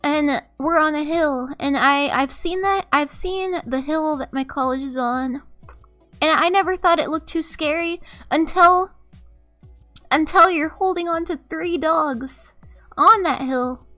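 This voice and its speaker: A woman's voice: high-pitched, measured pace, sharp tone, faint music behind. A young woman streamer telling a rambling, profane story in an exasperated, casual way, often laughing. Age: young adult.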